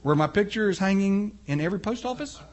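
A casual, folksy God who talks like a neighbor, as a male preacher puts him on. His voice sits fairly high, and the lines come out relaxed and plainspoken. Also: fast. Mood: instructive.

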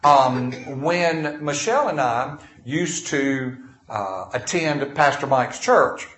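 A man's voice: mid-range voice, expressive, takes it slowly, a bit bright, a little hiss or hum. A man preaching a sermon, telling folksy stories and reading scripture in King James wording. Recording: echoey room.

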